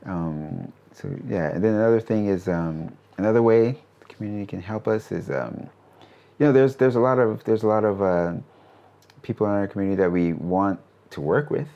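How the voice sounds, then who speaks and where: Man, 30s, interview guest: very low gravelly voice, loose and rambling, lots of "um" and "you know". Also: moderate pace, dull audio. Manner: relaxed, rambling, many fillers and restarts. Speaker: animation studio CEO, interview guest. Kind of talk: casual interview answers.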